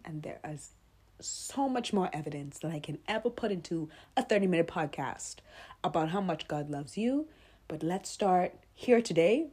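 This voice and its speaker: A woman hosting a faith podcast, talking straight to her listeners, earnest and emotional, close to tears, sometimes rising loud and sometimes dropping to a whisper. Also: low voice, husky. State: tearful. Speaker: podcast host.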